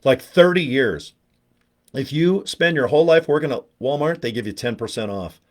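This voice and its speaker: A livestream host promoting products speaks in a medium-pitched, animated voice at a moderate pace. The stream is casual; he jokes, wanders off topic, makes fun of himself, and greets chat viewers by name.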